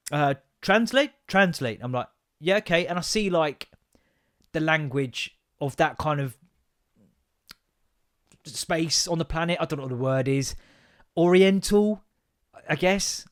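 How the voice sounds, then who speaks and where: A man hosting a podcast, telling rambling, sweary stories in an animated, comedic monologue. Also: on the high side, moderate pace, long pauses. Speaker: podcast host.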